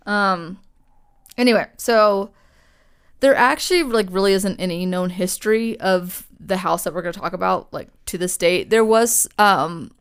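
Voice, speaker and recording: A woman's voice: mid-range voice, moderate pace, clear, resonant tone. A young woman co-hosting a podcast, telling a story in casual chat, chatty and swearing freely with lots of fillers. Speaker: podcast co-host.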